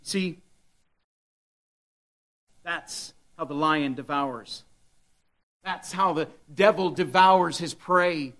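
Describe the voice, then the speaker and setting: Bright-voiced preacher, slow and dramatic. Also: male voice, a little high. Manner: dramatic preaching, voicing the devil's taunts. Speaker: pastor. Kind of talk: sermon.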